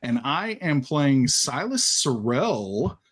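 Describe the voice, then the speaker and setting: A man's voice: mid-range voice, very animated, slow pace, husky. Easygoing man introducing himself. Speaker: player. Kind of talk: casual self-introduction.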